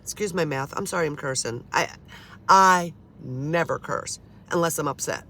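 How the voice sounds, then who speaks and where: This woman's voice is deep and a bit bright, moving at an ordinary pace. She's a paranormal vlogger in her fifties delivering a loose monologue to camera, venting her frustration with curses and frequent restarts.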